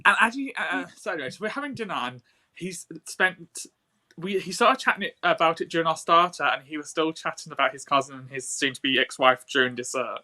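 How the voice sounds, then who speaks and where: A man, co-hosting a casual podcast over a video call and telling a story in a lively, swearing way. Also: fairly high pitch, fairly quick. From England. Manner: animated, swearing, lively quoted dialogue. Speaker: co-host.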